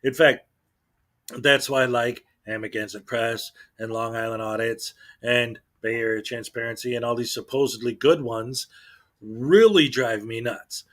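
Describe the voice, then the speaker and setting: A man's voice: medium pitch, steady tone, measured pace, fairly bright tone. A man hosting his channel, talking in casual commentary with an exasperated tone, often repeating words and restarting sentences. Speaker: channel host.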